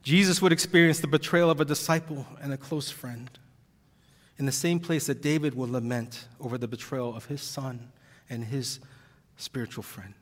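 A man's voice: medium pitch, steady tone, moderate pace. A male pastor preaching an earnest, heavy-hearted sermon, audibly emotional at times. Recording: long reverb of a large hall.

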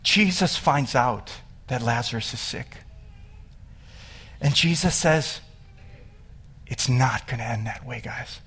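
A man preaching a sermon, telling the story with animation and getting louder and higher as he builds, then dropping quiet for sad parts. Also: animated, slow, long pauses, slightly rough. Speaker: pastor.

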